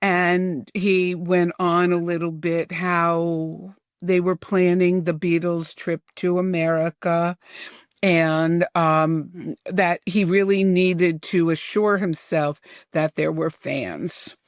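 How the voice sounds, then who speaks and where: A man in his seventies from the New York area, reminiscing in unhurried, detailed storytelling as a podcast guest. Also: high-pitched, flat delivery, smooth, no room sound, clean studio sound. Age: 70s. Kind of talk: storytelling in an interview.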